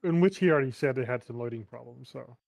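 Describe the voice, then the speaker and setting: A man co-hosting a gaming livestream, chatting in a relaxed way and repeating himself as he thinks aloud. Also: mid-range voice, fast talker, vocal fry, dry recording, rough recording. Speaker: co-host. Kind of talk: casual livestream chat.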